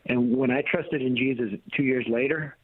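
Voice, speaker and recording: A man's voice: medium pitch, fairly even intonation, normal speed, no echo. A middle-aged American man calling in as a radio guest, telling his family story in an emphatic, blunt way with a preacher's cadence. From United States. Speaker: guest, ministry leader and author. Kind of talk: personal testimony on a radio talk show. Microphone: phone call into the studio. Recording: tinny phone line.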